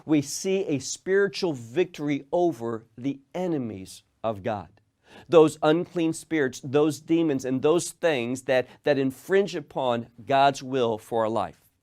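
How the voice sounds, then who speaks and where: Slow, earnest Bible-study teacher, a man. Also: mid-range voice, lively intonation, a little mellow. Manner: earnest, repeats words while building a point; asks the listeners reflective questions.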